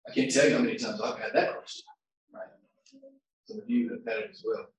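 A male pastor preaching a sermon, shifting between quiet reflection and loud shouts, recorded far from the mic in a large church hall. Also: medium pitch, very animated, fairly quick. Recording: very echoey hall, distant mic.

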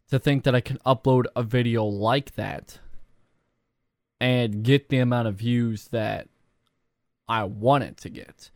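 Young male YouTuber, mid pitch, rambling casual vlog delivery, dry close mic. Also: gravelly, no room sound. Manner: rambling, self-deprecating, many fillers.

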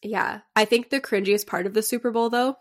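A woman's voice: a little high, fairly even intonation, fairly quick. A young woman co-hosting a podcast, chatting casually with lots of fillers and giggles. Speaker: podcast co-host. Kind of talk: casual chat.

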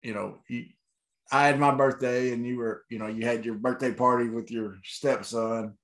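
A man's voice: mid-range voice, fairly even intonation, moderate pace, a bit bright. A man, co-hosting a podcast, easygoing and teasing as he tells stories in casual chat. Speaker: podcast co-host.

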